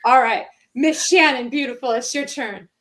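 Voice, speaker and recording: A woman's voice: high-pitched, normal speed, fairly bright tone. A woman psychic reader giving a chatty, reassuring reading on a live stream.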